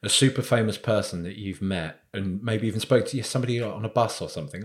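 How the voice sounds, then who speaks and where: A young man co-hosting a podcast, trading teasing jokes in casual chat. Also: on the low side. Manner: teasing banter with quick jokes. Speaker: podcast co-host.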